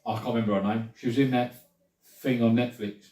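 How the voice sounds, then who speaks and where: A man's voice: medium pitch, steady tone, fairly quick, warm tone, distant mic. A man in casual podcast banter who cuts in with blunt, sweary remarks. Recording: echoey room, away from the mic.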